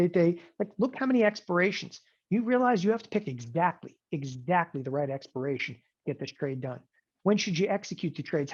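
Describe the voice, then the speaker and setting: Emphatic male trading instructor, animated seminar pitch, muffled webinar audio. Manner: emphatic, animated, keeps asking "okay?". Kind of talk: online seminar sales pitch.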